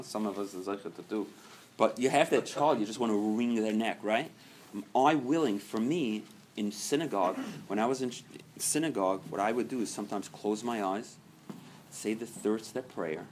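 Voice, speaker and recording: A man leading a recovery group meeting, talking earnestly and swinging from soft, quiet stretches to loud, emphatic ones. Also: fairly low pitch, a little hiss or hum.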